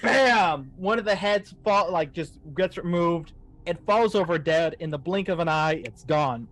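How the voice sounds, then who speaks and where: Guy gm narrating a spooky tabletop game, slowish suspense buildup, slightly high voice. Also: fairly bright tone. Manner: slow, suspenseful scene narration. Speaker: game master.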